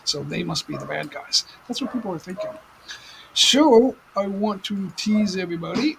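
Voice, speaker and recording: Gravelly American man rambling on a livestream. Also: high voice, animated, background noise. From United States. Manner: rambling, halting with many fillers and restarts. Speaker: livestream host. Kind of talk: casual livestream chat. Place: home livestream setup. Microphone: desk mic at some distance.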